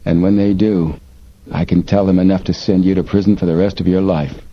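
A man's voice: deep voice, brisk. A man doing a weak but defiant captive detective. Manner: weak, faint but steady and firm. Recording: dull lo-fi recording, faint hiss.

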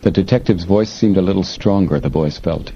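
A man narrating an adventure audiobook in an expressive, steady storytelling manner. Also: low voice, brisk, breathy edge. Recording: dull lo-fi recording, faint hiss.

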